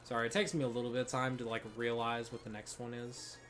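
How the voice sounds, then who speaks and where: A man streaming a game, talking in a relaxed, chatty commentary style to his viewers, with faint game music behind. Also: medium pitch, fast talker.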